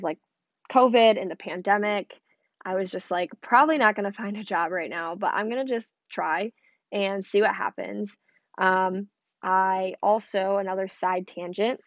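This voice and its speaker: A woman's voice: mid-range voice, no room sound, dull audio. A woman in her twenties from Michigan, telling a personal story in a chatty, rambling way full of "like" fillers. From Michigan, USA. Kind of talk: casual personal vlog storytelling.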